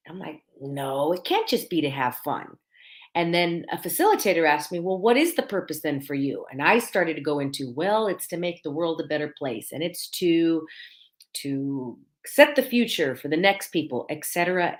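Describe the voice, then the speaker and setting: A middle-aged woman hosts a live podcast in an animated, swinging voice. She keeps circling back to the same lines for emphasis. A light laugh slips in now and then as she talks. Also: low-pitched. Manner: animated, repeats phrases for emphasis. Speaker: podcast host.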